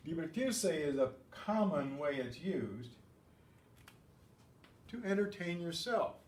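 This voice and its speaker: A man teaching a Spanish grammar lesson, explaining step by step and clearing his throat often. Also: mid-range voice, recorded from a distance. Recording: echoey room with faint background hum.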